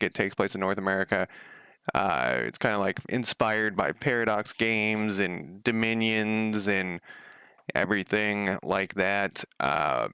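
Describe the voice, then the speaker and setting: A man's voice: lowish voice, gravelly, bright, forceful tone, clean tone, no room sound, clean studio sound. A man streaming himself working on a game at home, thinking aloud in a casual, rambling way and often correcting himself. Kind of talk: casual live-coding commentary.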